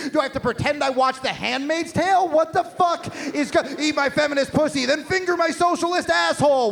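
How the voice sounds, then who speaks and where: A man performing a stand-up comedy set on stage, with profane, shouting rants and rapid asides. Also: extremely high pitch, gravelly, a little hiss or hum. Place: live venue on stage.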